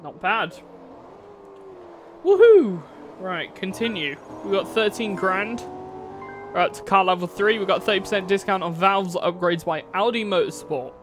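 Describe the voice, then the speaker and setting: A streamer with a fairly high voice rambles chattily to viewers at normal speed during a racing game, swearing casually now and then. Loud racing-car engine noise from the game runs behind him throughout.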